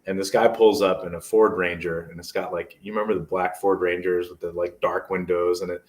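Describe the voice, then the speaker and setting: A man's voice: low voice, level tone, a little fast. A man in his forties from New Jersey, a guest telling stories in a rambling, earnest way during a casual interview. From New Jersey, USA. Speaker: guest, motivational speaker. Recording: voice distant from the mic.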